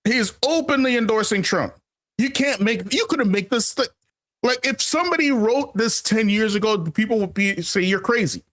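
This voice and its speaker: A man's voice: sits high, lively intonation, moderate pace, a bit bright. A man hosting a casual commentary monologue, emphatic and repetitive, calling his viewers family and laughing often. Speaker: channel host.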